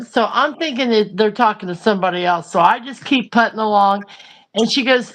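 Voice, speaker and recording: A woman's voice: medium pitch, a little fast. A woman, hosting a livestream and chatting through a funny story with lots of fillers. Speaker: livestream host. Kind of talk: casual storytelling chat.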